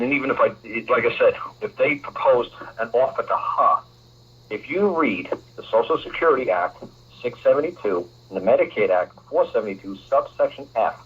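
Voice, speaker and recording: A man hosts a talk radio show and lectures a caller in an emphatic, repetitive way. His voice is husky. The broadcast sounds muffled and lo-fi. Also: mid-range voice.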